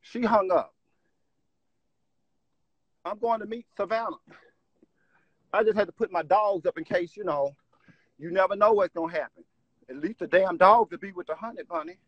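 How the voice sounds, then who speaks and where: High, husky-voiced man ranting live. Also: expressive, moderate pace, pauses often, dry recording, muffled recording. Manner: agitated, repetitive, profane. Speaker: live streamer. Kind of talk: live-stream rant. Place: at home.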